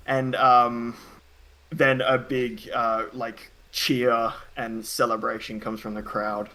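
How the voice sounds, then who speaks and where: A man running a tabletop game as game master, describing scenes slowly and hesitantly. His voice sits at an ordinary pitch, full of ums and uhs. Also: level tone, pushed and bright, poor audio.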